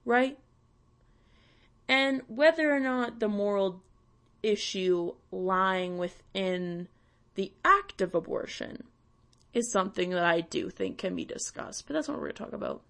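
Slow, blunt ranting woman. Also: medium pitch, expressive, fairly bright tone. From Canada. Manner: blunt, swearing, sarcastic. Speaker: podcast host. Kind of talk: ranting monologue.

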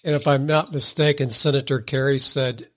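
A man's voice: medium pitch, steady tone, moderate pace, a bit bright, slight background noise. A man hosting an interview, asking questions in an enthusiastic, emphatic way. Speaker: interview host.

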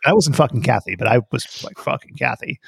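Gravelly, husky podcast host man. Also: mid-range voice, lively intonation, brisk, fairly bright tone, no echo, clean studio sound. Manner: laughing, rambling, profane. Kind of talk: casual podcast banter.

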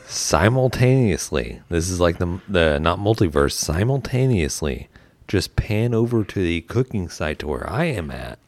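A man's voice: low-pitched, very animated, measured pace, a little mellow, dry recording. A man telling a story in casual chat, acting out his own lines. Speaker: barbecue team member.

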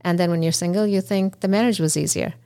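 A woman's voice: fairly low pitch, quick pace, dark tone. A woman hosting a podcast, speaking in a reflective, conversational way. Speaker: podcast host.

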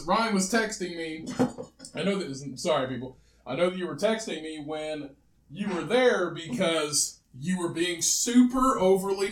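A man from south central Indiana co-hosting a casual podcast with his brother, rambling with many restarts and swearing. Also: fairly high pitch. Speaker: podcast co-host. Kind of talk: casual chat.

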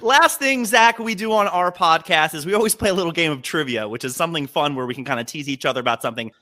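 A man hosting a podcast, telling funny stories in casual banter with an animated delivery. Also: fast talker. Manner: animated storyteller with sudden pitch jumps. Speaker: podcast host.

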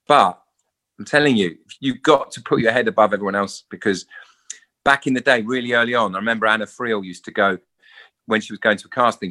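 Lively actor telling stories. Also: male voice, on the low side. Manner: animated storyteller acting out quotes. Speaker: actor guest. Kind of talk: casual interview chat.

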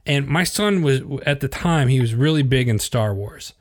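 A middle-aged man co-hosts a casual podcast and tells a parenting story. He rambles, restarts his sentences and laughs his way through it. His voice is mid-pitched and plain. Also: lively intonation, fairly quick, few pauses. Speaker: podcast co-host. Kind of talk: casual chat.

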